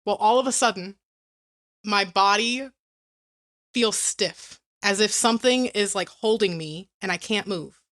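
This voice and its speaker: A woman's voice: medium pitch, measured pace, a bit bright. A woman co-hosting a podcast, telling a story casually and peppering it with "like" and "right?". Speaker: podcast co-host.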